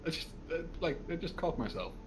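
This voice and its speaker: A man's voice: a little high, big pitch swings, fairly quick, music in the background. A man chatting casually while playing a game, swearing often and sounding tired. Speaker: gamer co-streamer. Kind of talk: casual chat while gaming.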